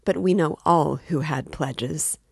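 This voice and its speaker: A woman reading aloud voices a calm, coolly ironic male magistrate. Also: deep voice, takes it slowly, creaky, slightly rough, no echo, studio quality, full character voice.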